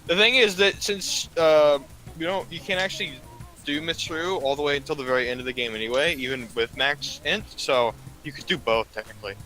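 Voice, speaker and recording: A man's voice: fairly high pitch, a little fast, pushed and bright, faint music behind, low-quality recording. A sleepy man in casual gaming chat, explaining game mechanics to his co-host with lots of ums and restarts.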